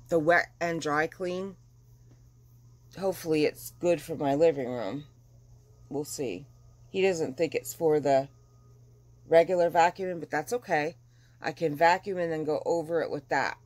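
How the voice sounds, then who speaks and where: A middle-aged woman vlogging at home in a casual chat, chatty and animated, getting over the flu. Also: low voice, no room sound. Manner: chatty and animated, dramatic retelling. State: recovering from flu. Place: at home, windows open.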